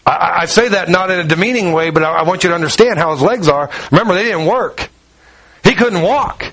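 A man preaching a sermon with a fairly high voice. He tells the story with lively energy, acting out each character's lines as he paces about. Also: brisk, rough recording. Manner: walks around while preaching.

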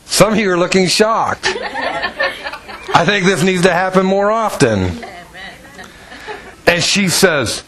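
A pastor preaching to his congregation, telling stories with animated delivery and acting out the people in them. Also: takes it slowly, long pauses, a little hiss or hum, rough recording. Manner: animated storytelling, acts out voices with pitch jumps. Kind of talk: sermon.

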